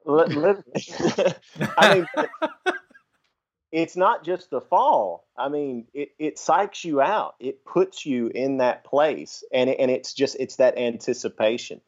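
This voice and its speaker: A man's voice: on the high side, animated, takes it slowly. A man chatting as a podcast guest, reflective and explaining his views at length. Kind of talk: casual chat. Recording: dull lo-fi podcast audio.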